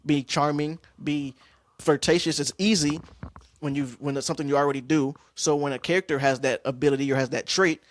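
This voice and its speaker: A young man hosting a podcast, casually telling stories about acting class, slangy and animated. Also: on the high side, a little fast. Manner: animated, acts out scene lines, slangy. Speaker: podcast host.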